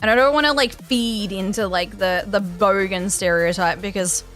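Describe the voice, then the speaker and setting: A woman's voice: mid-range voice, normal speed, fairly bright tone, soft background music. An Australian woman streamer chatting casually with her live viewers, rambling with plenty of fillers and restarts. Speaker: game streamer.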